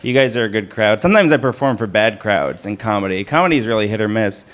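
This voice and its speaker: A man in his thirties doing a stand-up comedy set in a club, with a self-deprecating, deadpan delivery. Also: lowish voice, quick pace. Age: 30s. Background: audience laughter.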